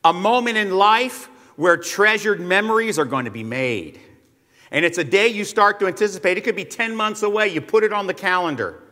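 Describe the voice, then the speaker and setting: Bright-voiced man preaching in a reverberant hall. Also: high voice, animated, brisk. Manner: conversational preaching with asides and humor. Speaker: pastor. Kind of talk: sermon.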